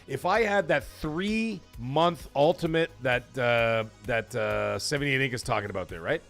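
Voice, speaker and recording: A man hosting a live gaming talk show, chatting casually and thanking viewers from chat in a rambling, animated way. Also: medium pitch, normal speed, creaky, hardly any pauses, faint music behind. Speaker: livestream talk show host.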